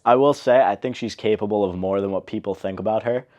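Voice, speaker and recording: Chatty young man with a low voice. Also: fast. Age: young adult. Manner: relaxed, chatty, many fillers. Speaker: interviewee, older brother. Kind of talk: casual interview storytelling.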